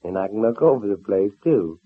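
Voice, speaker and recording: A man's voice: on the low side, animated, fairly quick, slight background noise, close to an everyday voice. An actor playing an easygoing young male cowboy hero with folksy talk in a 1930s radio serial. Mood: teasing. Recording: old narrow-band radio transfer.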